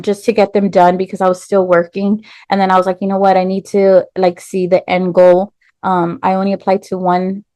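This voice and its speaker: A woman tells her own story as a podcast guest, animated, with lots of "like" and "um" fillers. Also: medium pitch, no echo. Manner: animated storyteller, acts out quoted voices, many "like" and "um" fillers. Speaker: podcast guest, nurse and business owner. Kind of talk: casual storytelling interview.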